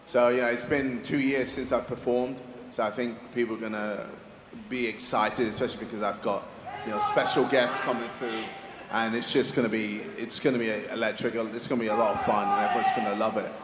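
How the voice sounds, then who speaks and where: Relaxed male musician at a presser, mid-pitched, echoey hall. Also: brisk, very noisy. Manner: relaxed, uses you know fillers. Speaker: musician and boxer. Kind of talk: press conference answers.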